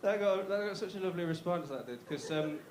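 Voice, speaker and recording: This is a thirties-aged comedian from England's Black Country in the West Midlands, speaking with that local accent during a live club set. He talks fast in a high, expressive voice, poking fun at himself and trading banter with the audience. The sound is roomy, as in a live club.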